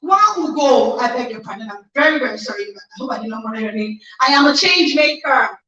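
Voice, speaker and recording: A Nigerian woman hosts a motivational online conference with a high, bright voice, exuberant and emphatic as she repeats her phrases. Her sound is echoey and set back from the mic. The audio is dull and lo-fi. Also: lively intonation, fairly quick. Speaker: host of an online conference livestream. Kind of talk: energetic motivational hosting. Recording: echoey distant lo-fi livestream audio.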